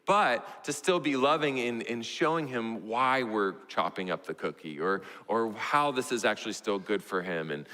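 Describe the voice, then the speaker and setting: Young Texan pastor preaching in a reverberant sanctuary. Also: male voice, normal speed, few pauses. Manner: storytelling, animated, voices his toddler in a high squeal. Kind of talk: sermon illustration. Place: church sanctuary. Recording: church hall reverb.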